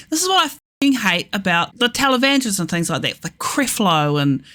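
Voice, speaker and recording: An Australian host reacting to a TV episode in blunt, casual talk full of swearing. The voice is mid-pitched and swings lively up and down. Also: a little fast.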